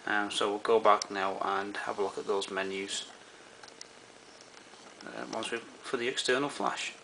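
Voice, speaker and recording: A man's voice: fairly low pitch, steady tone, unhurried, pushed and bright, slight background noise. A man walking through camera menu settings in an easygoing way, with many fillers and restarts. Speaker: camera tutorial presenter. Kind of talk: explaining camera settings step by step.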